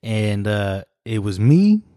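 A man's voice: on the low side, sing-song, takes it slowly, warm tone, no echo, studio quality. A man co-hosting a podcast, telling a story in a casual, profane way and acting out the voices of the people in it. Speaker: podcast co-host. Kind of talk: casual chat.

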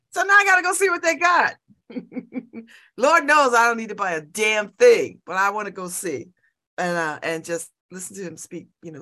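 A woman's voice: mid-range voice, bright, forceful tone. A woman hosting a radio talk show, chatting casually, laughing and repeating herself.

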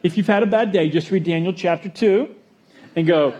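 A man preaching a sermon, storytelling with jokes and acting out quotes in an animated way. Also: high-pitched, normal speed, highs cut off. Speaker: pastor.

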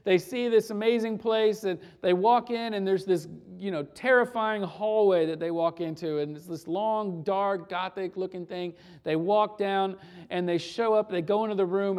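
A man preaching a sermon in a conversational way. He often restarts his words and drops into soft, hushed stretches. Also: high voice. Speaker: pastor.

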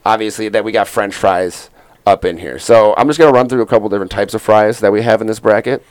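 A young man hosts a casual sports podcast, riffing and joking with his co-hosts. His voice sits a little low, and he rambles with plenty of fillers and self-corrections. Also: steady tone, quick pace, darkish tone, clean tone. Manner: rambling, jokey, lots of fillers and restarts. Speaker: podcast host.

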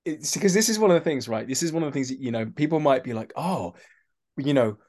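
A man with a London accent spins lively behind-the-scenes stories as a guest on an interview podcast. His pitch sits in an ordinary middle range. He trips over his own sentence starts as he goes and breaks into other people's voices to act out what they said. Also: fast talker. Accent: London English. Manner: animated storyteller, acts out quoted voices, many restarts. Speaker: actor guest.

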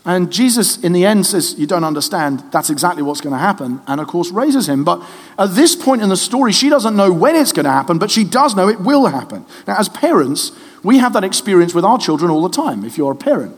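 A man in his thirties preaching a sermon in a lively, conversational way, joking with the congregation. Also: sits high, brisk, husky. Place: church hall. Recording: reverberant church hall.

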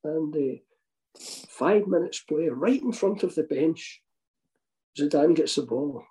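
Taking it slowly in a warm, animated, slightly high voice, an older Scot who once managed football teams tells rambling stories full of chuckles and restarts, acting out quoted voices. It's a rough recording.

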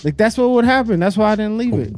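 A man's voice: sits high, lively intonation, fast talker, music in the background. A man telling a long, profane story in casual chat among friends.

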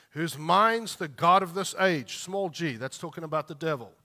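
A man preaching in a sermon style, his voice set a little high and bright. He pushes hard on the scripture he reads and sinks softly into asides. A long hall reverb trails behind each phrase. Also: lively intonation, normal speed, hardly any pauses. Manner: emphatic preaching, rising on read scripture and dropping low for asides. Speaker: pastor.

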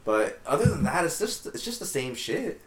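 A man's voice: on the high side, very animated, normal speed. A man co-hosting a podcast in laid-back casual chat, swearing freely and laughing often. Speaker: podcast co-host. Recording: roomy echo.

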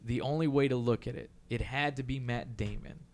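A man from Texas with a Texan accent, a comedian in a loose podcast chat. He talks with energy and swearing and drops into quick voices of other people. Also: mid-range voice. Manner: animated, profane, quick impressions of others.

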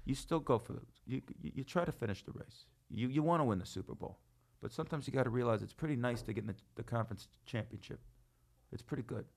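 Man, thirties, podcast host, casual chat, animated, swears freely. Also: medium pitch, quick pace, creaky. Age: 30s. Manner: animated, swings loud and soft, swears freely.

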